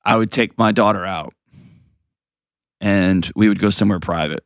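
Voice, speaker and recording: A man's voice: fairly low pitch, smooth, no room sound, studio quality. A man hosting an advice call-in show, earnest and emotional. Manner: earnest, emotional, pauses heavily. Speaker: radio show host.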